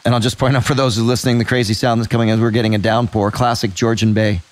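A man hosting an interview, chatty and quick to jump into his own stories. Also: medium pitch, flat delivery. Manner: chatty, jumps into anecdotes. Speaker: interview host. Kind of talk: casual interview chat. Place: by Georgian Bay during a thunderstorm.

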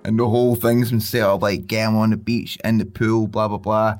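스코틀랜드 억양의 남자, 욕설 섞인 수다. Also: male voice, fairly low pitch, a little fast. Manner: sweary, laughing, animated storytelling. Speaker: podcast co-host. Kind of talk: casual chat.

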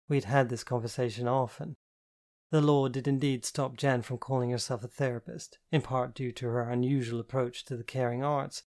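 A woman's voice: a bass voice, darkish tone. A woman narrating a first-person novel in a wry, fretful manner. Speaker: audiobook narrator.

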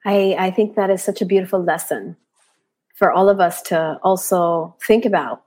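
A woman interviewing a guest who asks questions in a measured way and affirms the answers warmly. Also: on the low side. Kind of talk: casual conversational interview.

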